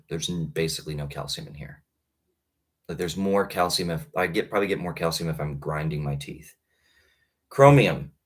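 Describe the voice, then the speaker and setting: A man in his thirties talking casually on a live stream, rambling with many halting restarts. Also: sits low. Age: 30s. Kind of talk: casual livestream talk.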